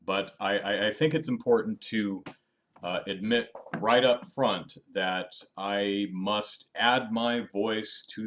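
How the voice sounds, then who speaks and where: A man casually hosting a live movie review, talking in a wry, self-deprecating, rambling way with bursts of animation. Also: lowish voice. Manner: frequent restarts and fillers, animated bursts.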